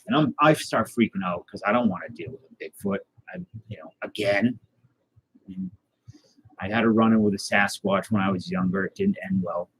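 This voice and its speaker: A man telling a tall tale in a rambling, deadpan way, with many fillers and restarts. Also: fairly low pitch, normal speed, slightly rough, poor audio. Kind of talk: casual tall-tale storytelling.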